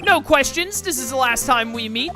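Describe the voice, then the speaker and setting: A woman voicing a brash male mobster loan shark in a game, gruff and bullying with street slang. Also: high-pitched, expressive, moderate pace, music in the background. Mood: threatening.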